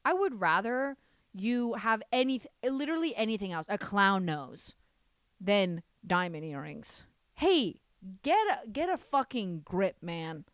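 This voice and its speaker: A young woman in her twenties chats on her solo podcast, sassy and outspoken, cursing without a second thought. Her voice is smooth and clear, and her pitch swings widely as she rants. The sound is dry and close, with no room echo. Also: a little slow. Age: 20s. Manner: sassy, animated, swears freely. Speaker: podcast host. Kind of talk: casual solo podcast chat.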